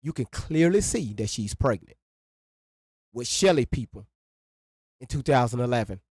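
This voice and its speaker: A man's voice: medium pitch, expressive, moderate pace, a little mellow, husky, no room sound, studio quality. A man giving heated reaction commentary, angry and profane, repeating himself for emphasis. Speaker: co-host of a reaction stream.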